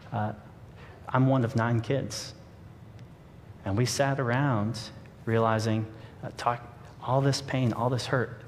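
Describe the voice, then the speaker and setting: This is a man preaching to his flock, sharing a story in an earnest, thoughtful way as their pastor. The recording carries heavy reverb from a large hall, plus a subtle rumble underneath.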